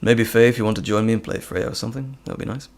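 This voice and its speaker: A man hosting a casual live stream, chatting in a relaxed, rambling way with chuckles. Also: lowish voice, rapid-fire, vocal fry. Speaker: host.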